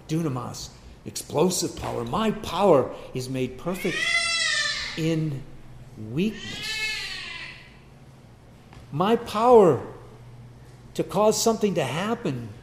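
A man's voice: a little high, lively intonation, a little slow, a little mellow, echoey room, a little hiss or hum. A man preaching a sermon as pastor, emphatic and repeating key phrases.

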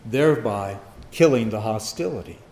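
A man preaching an expository sermon, emphatic, swinging between loud stress and hushed asides. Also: lowish voice, lively intonation, normal speed. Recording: echoey hall, long reverb.

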